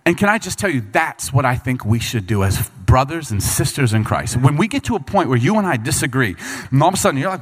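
A man delivers a sermon with a lively voice that swoops from low murmurs to sudden high bursts. His pitch sits a little above the usual for a man. He reads scripture, then slips into quick acted lines for the people in the story. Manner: animated preaching, voices Bible figures and people in quick asides. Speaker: pastor.

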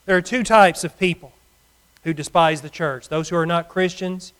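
Middle-aged male preacher, higher register, clean resonant tone, earnest and emphatic sermon delivery. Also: steady tone, normal speed, smooth. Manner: earnest, emphatic, rising and falling in loudness.

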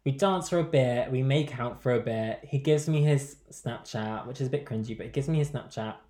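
A man's voice: medium pitch, a little fast, reverberant. A young man telling a night-out story in casual podcast chat. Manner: chatty, animated storytelling.

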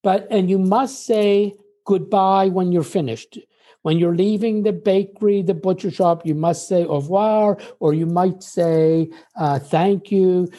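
In a laid-back interview, an older man from the United States appears as a guest, speaking high-pitched but with a warm, mellow rather than bright tone. His explanations come at a measured pace, storytelling conversationally and relying on little anecdotes to land his point.

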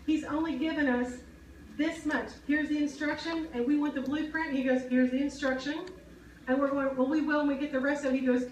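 A woman's voice: sits high, darkish tone, slight background noise. A woman preaching a sermon, earnest and conversational, often asking the congregation questions. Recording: echoey hall, mic at a distance.

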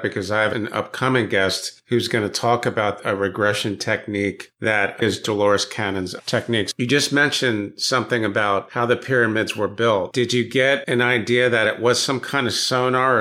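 A man hosts a podcast, his voice pitched low yet carrying a bright, forceful edge. He asks his questions in a thoughtful, measured way. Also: steady tone. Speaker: podcast host. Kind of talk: interview questions and commentary.

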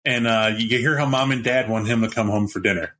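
A man's voice: medium pitch, fairly even intonation, brisk, fairly bright tone, a little hiss or hum. A man narrating a tabletop role-playing game as game master, in a casual, rambling way.

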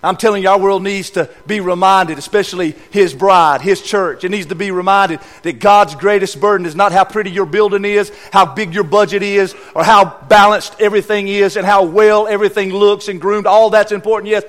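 Male guest preacher, high voice, emphatic church sermon, loud bursts and quiet asides. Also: fairly even intonation, a little fast, few pauses. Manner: emphatic, repeats key words, swings between loud and hushed. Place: church sanctuary.

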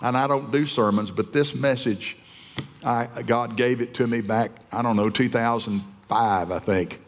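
A man's voice: mid-range voice, unhurried. A man preaching a fervent, emphatic sermon, often restarting his phrases. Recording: long hall reverb.

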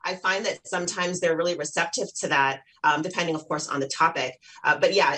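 A woman's voice: deep voice, poor audio. A mother interviewed as an expert on children's self-esteem, talking casually and acting out little scenes with her kids. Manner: lively, warm, plugs her online academy, acts out quotes.

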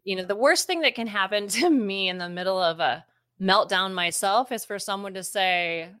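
A woman co-hosting a parenting podcast, talking in an expressive, emphatic, casual way. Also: medium pitch, moderate pace, no echo, clean studio sound. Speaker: podcast co-host. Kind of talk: casual conversational podcast talk.

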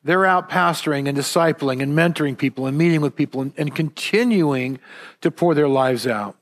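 A man giving a conversational sermon as a pastor, telling personal stories in a relaxed, rambling way with gentle self-deprecating humor and frequent fillers and restarts. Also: fairly high pitch, fairly quick.

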